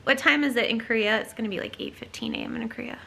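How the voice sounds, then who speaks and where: A woman vlogging at home in a casual, expressive way, moving between soft talk and loud outbursts. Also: fairly high pitch, fast, vocal fry, noisy background. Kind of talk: casual vlog chat to camera. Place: at home with her dogs.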